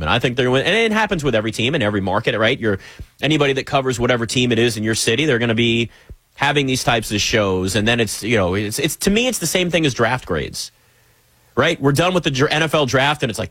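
Male sports talk host, animated and teasing, dry studio mic. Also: medium pitch, no echo. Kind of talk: casual sports talk show. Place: radio studio.

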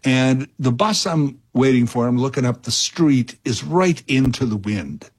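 A husky, slightly breathy middle-aged man, talking on the radio as a fill-in host. He meanders through an anecdote in a loose, chatty way, with "uh"s and false starts. His pitch sits in an ordinary middle range. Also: expressive, measured pace. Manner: rambling, chatty storyteller with many fillers and restarts. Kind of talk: casual radio talk and anecdote.

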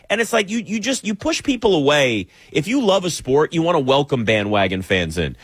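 A man, delivering an animated, sarcastic sports opinion monologue as a commentator. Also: on the high side, fairly quick, few pauses, breathy edge, no echo.

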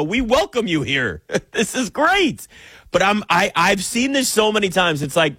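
A man from the United States delivers an animated, sarcastic sports talk rant. His voice sits a little higher than most men's. The recording is dry and close, with no room sound. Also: unhurried, breathy edge, no echo. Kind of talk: opinionated sports commentary monologue.

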